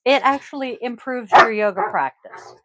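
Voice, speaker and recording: A woman hosting a casual podcast as a yoga teacher, talking in a rambling, chatty way with frequent ums and throat-clearing. She is recorded at home on a close microphone. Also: fairly high pitch, moderate pace, very noisy.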